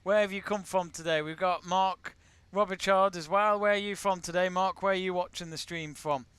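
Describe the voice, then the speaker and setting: A man from England runs a live golf watch-along, greeting viewers by name and reading out their comments between shots. His voice is bright and crisp, and sits a little higher than most men's. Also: fairly even intonation, normal speed, no room sound. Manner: chatty, greets viewers and reads out their messages. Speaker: watch-along stream host.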